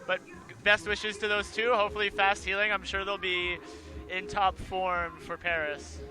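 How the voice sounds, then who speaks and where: A man's voice: high-pitched, flat delivery, normal speed, music in the background. A man from Canada, a route setter, giving chatty, easygoing expert analysis as co-commentator on a live climbing broadcast.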